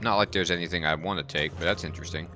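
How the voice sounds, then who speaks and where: A man's voice: deep voice, steady tone, very fast, music in the background. A man hosting a game playthrough, rambling and thinking aloud in casual commentary. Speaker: let's play host.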